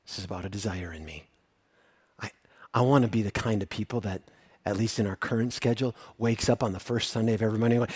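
A man preaching a sermon as pastor, earnest and emotional, swinging from hushed confession to excited exclaiming and repeating words when moved. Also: medium pitch, normal speed, husky, dry recording.

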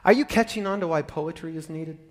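A male pastor delivering a lively sermon. His voice sits a little high and jumps from loud, excited bursts to quiet, near-whispered asides. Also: fairly quick. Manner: animated, swinging from loud high exclamations to soft near-whispers.

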